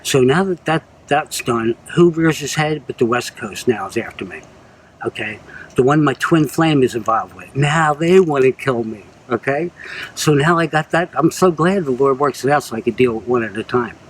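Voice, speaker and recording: Man, average pitch, rambling earnest casual monologue. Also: lively intonation, moderate pace, a little hiss or hum, rough recording. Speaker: vlogger.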